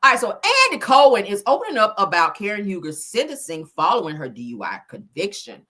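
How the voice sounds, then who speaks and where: A woman hosting a casual gossip show, loud, laughing and full of slang as she teases. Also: mid-range voice, big pitch swings, a little fast. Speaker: show host.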